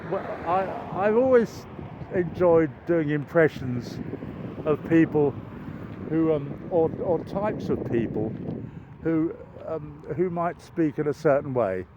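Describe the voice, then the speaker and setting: An older man narrates his walk outdoors in a meandering, chatty way. His voice sits a touch high and jumps up with excitement. The recording is muffled and lo-fi, with steady traffic noise behind him. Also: slow pace. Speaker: vlogger. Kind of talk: rambling walking vlog. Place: outdoors near a railway.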